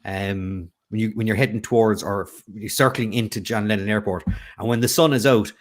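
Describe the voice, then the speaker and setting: A man's voice: fairly low pitch, fairly even intonation, brisk. A man hosting an online quiz, chatting casually and rambling between jokes. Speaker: quiz host. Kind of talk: casual livestream chat.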